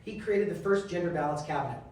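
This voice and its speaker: A Canadian man speaks as a guest, telling lively stories and acting out the voices of the people in them. He is picked up by a distant mic in a very echoey room, and a faint noise runs underneath. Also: fairly high pitch, fast talker. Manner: animated, acts out quoted dialogue. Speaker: guest speaker, member of parliament. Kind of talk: storytelling talk.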